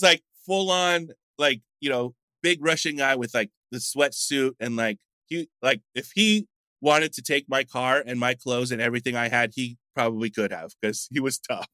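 A middle-aged man from the United States tells casual, rambling stories as an interview guest. His voice is bright and forward. The sound is dry, with no room echo. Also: medium pitch. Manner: chatty, rambling anecdotes with frequent fillers. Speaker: coffee shop founder, guest.

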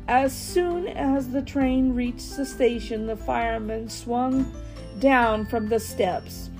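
Slow, mellow woman reading a storybook. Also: fairly high pitch, faint music behind. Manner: expressive, dramatic pauses. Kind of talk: storybook read-aloud.

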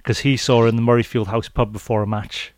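A man's voice: medium pitch, little pitch movement, fast talker, no echo, studio quality. A Scottish man hosting a rugby podcast in casual chat, reading out listener messages with lots of ums. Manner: chatty, many ums, reads out listener messages. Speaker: podcast host.

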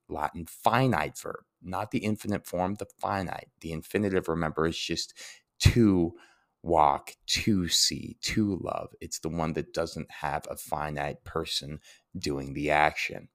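A man's voice: low voice, moderate pace, a bit bright, no echo, studio quality. A man giving a casual Latin grammar lesson, chatty and self-deprecating, often asking rhetorical questions. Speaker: Latin teacher.

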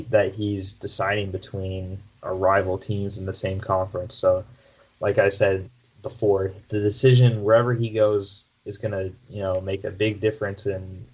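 A man with a fairly low voice talks through a sports update on a podcast. He speaks casually, with plenty of fillers and false starts as he thinks aloud. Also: a little mellow, low-quality recording. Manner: conversational, frequent fillers and restarts. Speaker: podcast co-host.

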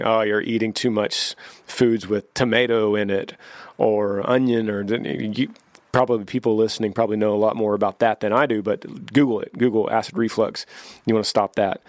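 A man's voice: lowish voice, no room sound. A middle-aged man, a singer, casually giving practical voice care tips on a podcast, close to the mic. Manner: easygoing, practical, demonstrates voice techniques. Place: podcast studio.

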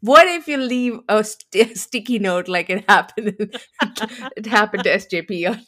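A woman's voice: medium pitch, measured pace, fairly bright tone. A woman co-hosting a podcast, chatting casually and joking, often quoting people in playful voices. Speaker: podcast co-host. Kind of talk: casual chat recapping a reality show.

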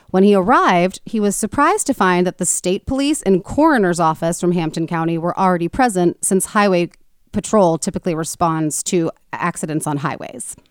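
A woman's voice: fairly low pitch, clean tone, no echo, clean studio sound. Woman telling a true-crime story. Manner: animated, chatty, frequent restarts. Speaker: podcast co-host.

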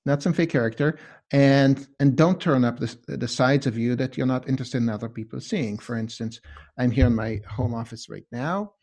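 A man's voice: mid-range voice, moderate pace, a little mellow. Guest, male, hard-to-place mixed accent, casual home-office chat, conversational, checks in with "right?". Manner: conversational, says "right?" often.

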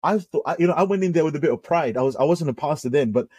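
A British pastor tells his story as a guest, restarting his sentences and picking up energy as he goes. His voice is warm and mellow with a husky edge. He is recorded close and dry. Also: a little high, very fast, dry recording. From United Kingdom. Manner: animated storyteller with frequent restarts. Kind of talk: conversational testimony.

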